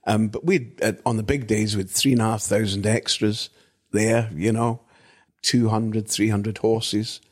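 An older man from Britain with a husky, somewhat low voice, recounting stories from his film work. He rambles as he goes and leans on "you know" to keep the thread. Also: fairly even intonation, unhurried. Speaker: actor guest. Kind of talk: anecdotal storytelling.

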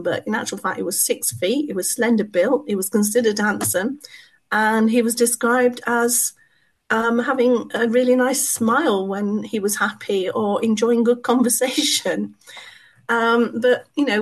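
A hoarse woman historian, a podcast guest, answering in an earnest, explanatory way. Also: mid-range voice. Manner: earnest, explanatory, with small laughs. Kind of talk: interview answers.

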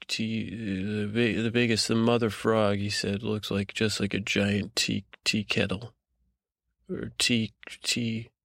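A man hosting a podcast, telling a meandering bedtime story with many halting restarts and digressions. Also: fairly low pitch, gravelly, a bit bright, dry recording, clean studio sound.

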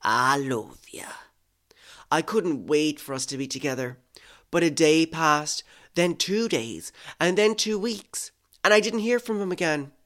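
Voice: medium pitch, unhurried. Someone reading a first-person true story aloud, with sarcastic asides and swearing between passages. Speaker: story reader.

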